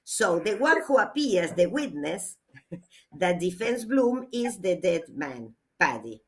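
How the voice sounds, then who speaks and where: A woman, a literature teacher giving a classroom lecture, reading aloud slowly and explaining with hesitations. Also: lowish voice, very animated.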